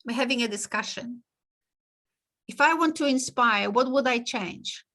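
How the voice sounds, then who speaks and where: Lively woman lecturer, fairly high voice. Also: measured pace. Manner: lively, conversational, laughs often. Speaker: teacher. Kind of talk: online lecture.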